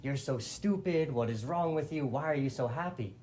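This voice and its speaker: A man's voice: on the high side, lively intonation, normal speed, darkish tone, voice pushed up, natural voice. A spiteful old maidservant hisses her scorn in a raised, needling voice, as a male storyteller puts her on. She is sly and insistent, stirring trouble in an oral retelling of an epic tale. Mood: scornful. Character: scheming older female maid, spiteful and sly.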